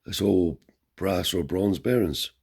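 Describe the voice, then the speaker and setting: A man's voice: sits low, slow pace, creaky, darkish tone, slightly rough, voice pushed up, full character voice. A man doing a humble, hard-up working man. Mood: modest.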